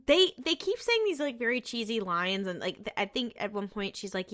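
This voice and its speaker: Her voice runs on the high side, animated and a little fast, with a fairly bright tone. As a podcast co-host, she chats through a recap of a TV episode, cursing freely and acting out scenes with quoted character voices.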